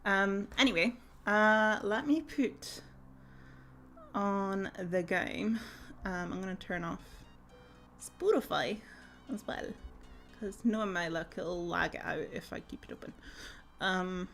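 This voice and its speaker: A woman's voice: mid-range voice, slow, long pauses, a bit bright, slight background noise. A woman, chatting to her viewers on a live stream while she plays a game. Her voice sits in an ordinary middle register. She talks in a rambling, giggly way, full of ums, and greets viewers one by one by name. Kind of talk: casual live-stream chat.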